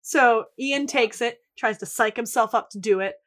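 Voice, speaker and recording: Brief: woman podcast co-host, slightly high voice, brisk casual storyteller recapping plot. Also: a bit bright. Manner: brisk storytelling, quotes characters in put-on voices. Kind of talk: casual episode recap chat.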